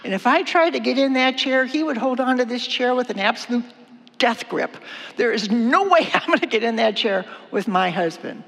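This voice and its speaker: An older woman giving a church talk, teaching and acting out scenes in a lively, dramatizing way. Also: on the high side, normal speed, gravelly. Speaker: church speaker. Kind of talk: teaching talk with acted-out skit. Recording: long reverb of a large hall.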